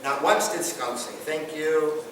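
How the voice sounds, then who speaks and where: A man's voice: fairly high pitch, a little slow. A man presenting to a live group, telling traditional stories in a folksy, interactive way and asking the audience questions. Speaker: guest presenter on tribal culture. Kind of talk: storytelling talk to a group. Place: large echoey room with an audience. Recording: echoey, noisy room from far off.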